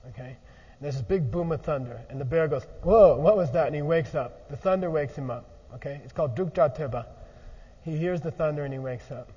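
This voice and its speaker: A man teaching a lively philosophy lecture, acting out examples and constantly checking in with his listeners. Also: fairly high pitch. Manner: animated, often checks in with 'okay?'. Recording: muffled recording in a large echoey hall.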